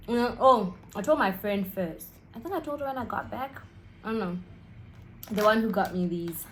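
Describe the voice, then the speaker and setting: A woman's voice: medium pitch, expressive, normal speed, slight background noise, rough recording. A South African woman in her twenties telling a story in a casual vlog, chatting in a rambling way while she eats snacks. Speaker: YouTuber.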